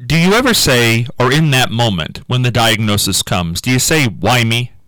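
Interviewer guy, mid pitch, asks thoughtful probing stuff, dry close sound. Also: expressive, normal speed, a bit bright, dry recording.

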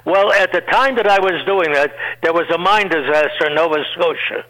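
An older man, a veteran comedian, tells stories in a high, bright voice. He rambles from one anecdote to the next and slips into quick put-on voices for the people in them. It sounds like a radio broadcast. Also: low-quality recording. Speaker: guest comedian. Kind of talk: storytelling interview.

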